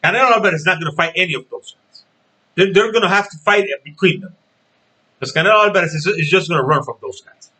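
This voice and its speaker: A man's voice: high voice, fast, bright, forceful tone, breathy edge, low-quality recording. A man hosting his own boxing vlog in a casual, emphatic way, repeating his points and often checking in with "okay?". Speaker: boxing channel host.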